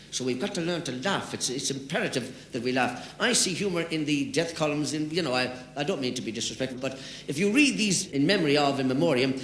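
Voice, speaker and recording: A man's voice: fairly high pitch, a bit bright. A man telling jokes in a live stand-up comedy routine, a jovial storyteller who leans into his punchlines. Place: large hall with audience. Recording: live hall with echo and long reverb.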